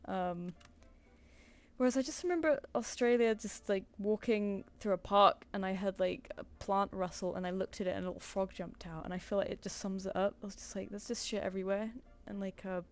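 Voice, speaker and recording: A young woman chats loosely while she draws live for viewers. She laughs often, swears casually and wanders from story to story in an easy, mid-pitched voice. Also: brisk. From United Kingdom. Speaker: streamer. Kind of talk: casual chat while drawing on stream.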